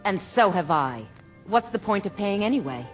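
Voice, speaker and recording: A woman's voice: mid-range voice, very animated, moderate pace, natural voice. A defiant, exasperated innkeeper woman, played by an actress, in a video game. Her voice sits in a middle range, and faint music plays in the background. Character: stubborn indebted female innkeeper. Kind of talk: video game character dialogue.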